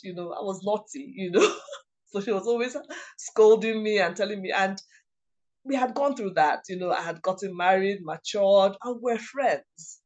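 A woman, a mother of several children, telling a personal story in a halting, emotional way, often restarting her sentences. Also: medium pitch. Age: adult mother of several children. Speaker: guest sharing a personal story.

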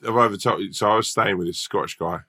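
A man's voice: on the low side, fast, bright, forceful tone. A man, a stand-up comedian and podcast co-host, telling a rambling anecdote in casual chat and swearing a lot.

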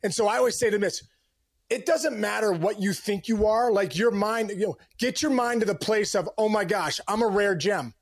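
A middle-aged man, a former ballplayer, telling lively stories as a podcast guest, calling people bro. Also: high-pitched, brisk, gravelly. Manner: energetic, storytelling with acted asides, calls people bro. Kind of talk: casual interview.

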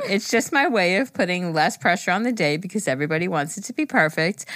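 A woman's voice: lowish voice, a bit bright, no echo. A woman co-hosting a podcast, reading listener emails in casual chat, easygoing and giggly. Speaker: podcast co-host.

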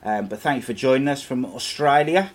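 A man's voice: mid-range voice, animated, brisk. A man hosting a live football chat show, chatting with his co-host and reading out viewer questions.

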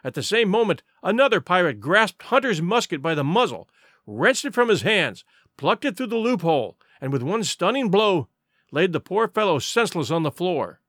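A man's voice: high-pitched, sing-song, normal speed, a bit bright, no echo, clean studio sound. A man narrating an adventure audiobook in a vivid, dramatic storytelling manner.

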